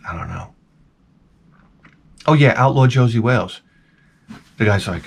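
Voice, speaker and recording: A man's voice: fairly low pitch, lively intonation, unhurried, vocal fry, pauses often, slightly rough. A man rambling through a comic monologue to camera, jumping between tangents and restarting his sentences. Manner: tangent-prone rant, frequent stammered restarts. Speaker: vlogger.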